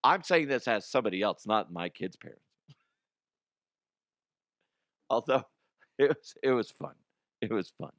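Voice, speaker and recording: A man hosting a comedy show, his voice hoarse and strained, chatting casually in a rambling, excitable way and laughing often. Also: medium pitch, measured pace, long pauses, dry recording, studio quality. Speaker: comedy show host and youth baseball coach.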